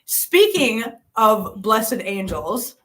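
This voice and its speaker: A woman's voice: mid-range voice, big pitch swings, drawn-out words, a bit bright. A middle-aged woman hosting a casual live stream from a hotel room, rambling and repeating herself as she chats and reads viewer comments. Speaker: livestream host.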